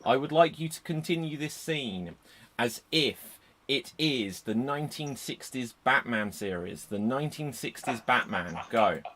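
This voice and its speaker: A man hosting a live improv comedy show over a video call, shouting freeze and calling out each new scene style. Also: mid-range voice, a little slow, slight background noise. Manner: shouts "Freeze!" then gives loud, lively instructions. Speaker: improv host. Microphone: computer mic on a video call.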